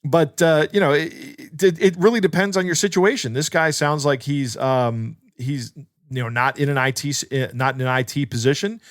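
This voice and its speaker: A man's voice: fairly high pitch, fairly even intonation, normal speed, dry recording, clean studio sound. A man co-hosting a podcast as a security expert, telling stories in casual chat with many restarts.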